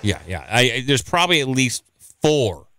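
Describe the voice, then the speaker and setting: A man's voice: mid-range voice, big pitch swings, moderate pace, fairly bright tone, dry recording, clean studio sound. A man hosting a late-night call-in talk show, chatting casually with callers in a rambling way, with restarts. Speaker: radio call-in show host.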